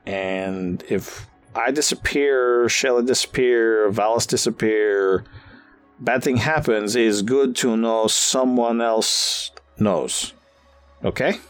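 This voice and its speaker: A man voicing a wary male space arms dealer who talks in halting broken English. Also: mid-range voice, soft background music, natural voice. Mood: grave.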